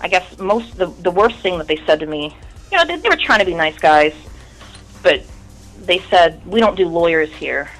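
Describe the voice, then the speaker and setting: A woman's voice: fairly low pitch, expressive, normal speed, soft background music, poor audio. A woman in her thirties, a musician guest in an interview, telling a long story in a candid, rambling, profane way.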